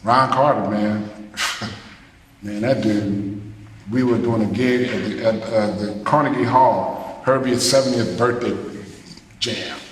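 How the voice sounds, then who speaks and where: A man talking to students in a loose, animated way, breaking into scatted rhythms between his stories. His voice sits at an ordinary pitch and booms around a big echoey hall with a long reverb tail and faint background noise. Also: takes it slowly, long pauses. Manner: animated, scats rhythms, loose casual phrasing. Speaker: jazz musician giving a masterclass. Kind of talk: storytelling talk to students.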